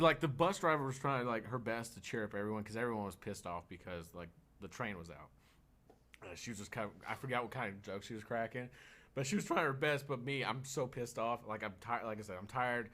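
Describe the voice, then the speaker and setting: A man's voice: medium pitch, brisk. A man in a casual podcast chat, telling a story with lots of laughing and swearing. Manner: animated, laughing, swearing a lot.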